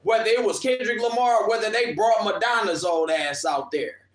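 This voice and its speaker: A man's voice: high-pitched, normal speed. A man on a livestream delivering an impassioned, preachy rant, profane and confrontational toward his viewers. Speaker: livestream commentator. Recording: echoey room with music beat. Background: instrumental beat playing.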